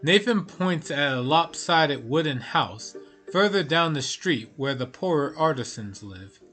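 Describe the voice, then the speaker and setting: A man's voice: on the high side, animated, measured pace, sharp tone, soft background music. A man streaming a story game, reading the narration aloud with offhand asides.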